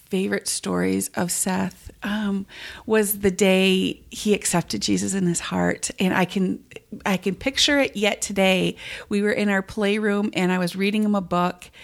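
A middle-aged woman, a guest on an interview, telling stories in a tender, reflective way with many pauses. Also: medium pitch, gravelly. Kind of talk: interview conversation.

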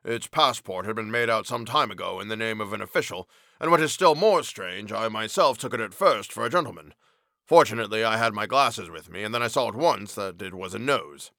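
A man voicing a short-sighted older police official with gray whiskers, speaking slowly and matter-of-factly in a storybook reading. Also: lowish voice, animated, sharp tone, dry recording, clean studio sound, pitched below the performer's own voice. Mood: calm.

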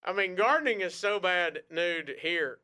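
High bright-voiced guy cohosting a radio bit, jokey, silly voices, smooth clear sound. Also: animated, unhurried. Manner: joking, jumps into silly voices. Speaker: radio show co-host. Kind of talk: casual comedic chat.

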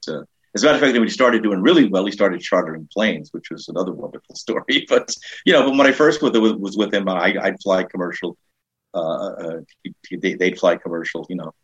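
An older man with a New York accent, a comedian telling lively show-business stories in an interview, acting out the voices of people he quotes. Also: fairly low pitch, husky, lo-fi sound. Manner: animated, acts out quoted voices, frequent restarts. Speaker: comedian and guest. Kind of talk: casual anecdotal storytelling.

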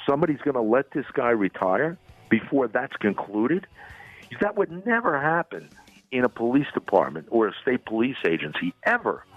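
A man's voice: mid-range voice, sing-song, moderate pace, husky, soft background music. A man appearing as a radio guest, talking emphatically and indignantly. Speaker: guest caller. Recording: dull lo-fi line.

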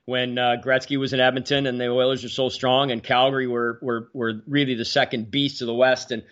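A man around sixty, a sports talk host telling hockey stories in a casual, animated way, often repeating words as he goes. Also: medium pitch, a little fast, dull audio. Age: about 60.

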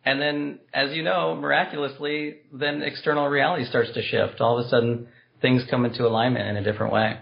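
Man, gravelly voice, earnest and explanatory, podcast guest, dull lo-fi sound. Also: mid-range voice, level tone, brisk. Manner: earnest, explanatory, spiritual wording. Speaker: guest, compassion practice teacher. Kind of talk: podcast interview.

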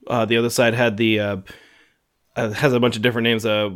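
A man's voice: medium pitch, level tone, fairly quick, clear, resonant tone. Rambling man telling a camp story. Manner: rambling, lots of fillers, acts out quotes. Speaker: podcast co-host. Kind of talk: casual storytelling.

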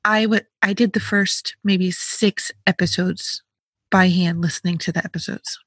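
A woman's voice: fairly low pitch, steady tone, unhurried, fairly bright tone, breathy edge, dry recording. A woman hosting a podcast and chatting in a friendly, self-aware way, laughing easily. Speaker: podcast host. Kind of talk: casual conversation.

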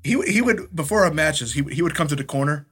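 Animated, husky-voiced man telling wrestling stories. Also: a little high, a little fast. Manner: profane, animated storyteller who imitates others. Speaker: podcast co-host, former wrestler. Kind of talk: casual storytelling chat.

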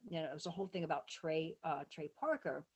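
A woman talking in a casual interview, her voice husky and a little low. She rambles through stories, jumping up in pitch when she acts out what other people said. The whole thing sounds like loose, excited storytelling. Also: fast. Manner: rambling, animated, quotes people in lively voices. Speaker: interview guest, musician.

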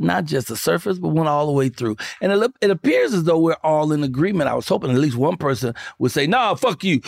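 A man's voice: a little high, creaky, dry recording, clean studio sound. A man hosting a comedy talk show, riffing loosely and profanely, telling jokes to his guests. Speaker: podcast host and comedian. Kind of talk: casual comedic chat.

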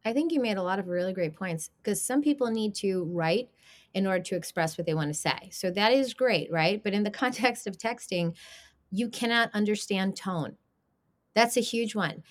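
A woman talking as a guest on a podcast, animated and expressive as she acts out how words can sound. Her voice sits at a middle pitch, and laughter slips into her speech. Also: moderate pace. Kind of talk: conversational podcast discussion.

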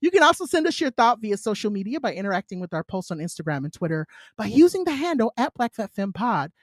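A woman co-hosting a casual podcast, talking playfully and dramatically, swinging from loud bursts to quiet asides. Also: medium pitch, sing-song, fast, dry recording, studio quality. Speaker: podcast co-host.

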